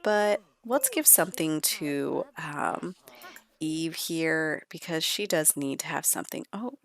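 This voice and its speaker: Woman let's-play host, chatty and playful, low and gravelly. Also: big pitch swings, takes it slowly. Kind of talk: casual gameplay commentary.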